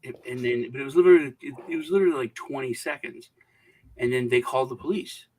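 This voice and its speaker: A male podcast host at an ordinary middle pitch talks loosely over a call mic. He rambles and acts out the people in his stories with lively voices. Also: fast talker, recorded from a distance, poor audio. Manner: rambling, retells stories with animated quoted voices. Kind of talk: casual panel chat.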